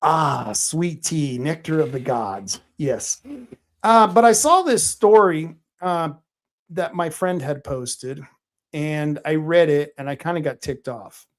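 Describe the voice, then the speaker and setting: A man hosting a live-streamed podcast, ranting angrily and swearing, reading out chat comments as he goes. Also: slow pace. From Oregon, United States. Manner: angry ranting, swearing, rising loud and high when worked up. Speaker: podcast host.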